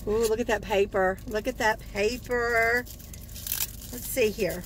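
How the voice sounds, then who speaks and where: A woman with a high, bright voice talks slowly and warmly from inside a parked car. She gushes, drawing out her thanks, and a faint hum of noise sits under her voice. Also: fairly even intonation, low-quality recording. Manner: gushing, effusive, repeats thanks. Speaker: vlogger opening fan mail. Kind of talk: casual chat.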